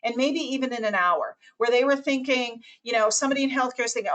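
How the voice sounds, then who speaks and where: A woman presenting over a webinar call, her voice sitting a bit high for a woman. She talks with animated energy and slips into quick character voices when she quotes people. Her delivery is confident and instructional.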